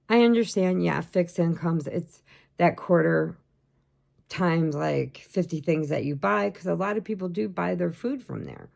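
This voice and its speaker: A woman's voice: fairly low pitch, moderate pace, gravelly, a little mellow. A woman hosting a crochet channel, chatting casually and rambling as she shows off mail she got, laughing often. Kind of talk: casual chat showing happy mail.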